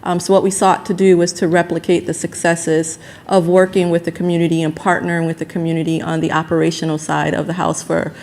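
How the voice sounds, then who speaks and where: A woman giving a measured, formal presentation at a public meeting on a handheld microphone. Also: on the low side, little pitch movement, darkish tone. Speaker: presenter for a company's community outreach.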